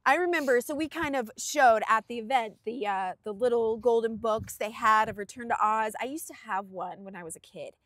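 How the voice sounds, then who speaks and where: A woman's voice: a little high, brisk, hardly any pauses, no echo, clean studio sound. A woman in her thirties co-hosting a casual podcast, telling stories animatedly and acting out what people said. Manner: animated storyteller, acts out quotes in shifting voices. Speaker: podcast co-host. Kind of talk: casual chat.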